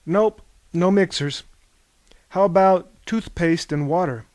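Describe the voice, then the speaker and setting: Man putting on a rowdy boozy caveman host, loud and raised in pitch, storybook reading. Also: slow, dry recording. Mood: rambling.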